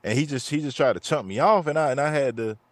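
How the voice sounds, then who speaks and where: A man in his thirties, co-hosting a podcast, telling a story in a lively, profane way and often repeating himself. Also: mid-range voice, fast, no echo. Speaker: podcast co-host. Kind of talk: casual chat.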